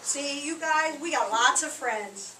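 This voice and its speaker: A high, bright-voiced woman teaching a class of small children, acting out each feeling with big swings in her voice. She is caught from far off in a roomy, echoing hall. A faint hum sits behind her. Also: slow. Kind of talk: classroom lesson to young children. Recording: echoey room recorded from a distance.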